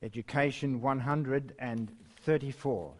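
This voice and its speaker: A man preaching a sermon and reading scripture, slow and emphatic, with wide swings in pitch and loudness and the odd chuckle. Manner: chuckles now and then.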